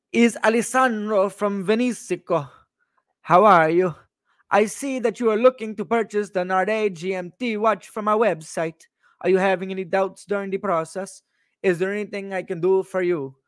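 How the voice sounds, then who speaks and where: A man doing a smooth-talking sales rep who lays on the polite patter a little too thick. The put-on voice sits high, with a slightly distant, altered tone set apart from the speaker's usual sound. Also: moderate pace, no room sound, studio quality, natural voice. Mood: salesy.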